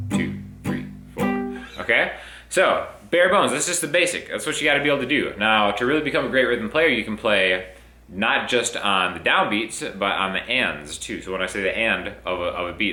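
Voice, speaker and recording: A man's voice: lowish voice, pushed and bright. A young man teaching a casual guitar lesson in an upbeat way, counting beats aloud while he plays. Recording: roomy with guitar playing.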